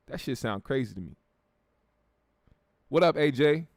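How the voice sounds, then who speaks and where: A man's voice: medium pitch, lively intonation, moderate pace, pauses often, clean tone, dry recording. Man, from the United States, livestream host, brash, profane, dry sound. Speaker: show host. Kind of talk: livestream chat, reading viewer comments.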